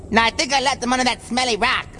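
A woman voicing an excitable, toy-obsessed boy in a cartoon. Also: fairly high pitch, fast talker, close to an everyday voice. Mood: boastful. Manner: loud, excitable, goofy. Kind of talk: cartoon voice acting.

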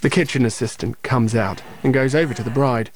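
A man reading scripted audio description in a steady, matter-of-fact way. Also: medium pitch, brisk.

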